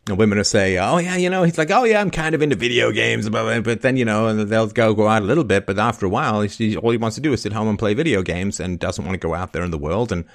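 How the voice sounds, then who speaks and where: A man hosting a call-in show, telling an animated story and acting out the quoted voices. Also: fairly low pitch, fast, hardly any pauses. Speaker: podcast host.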